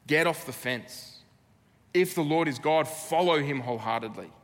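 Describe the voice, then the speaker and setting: Australian pastor, earnest emphatic sermon delivery, long church-hall reverb. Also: male voice, a little high, expressive. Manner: earnest, emphatic preaching with dramatic pauses.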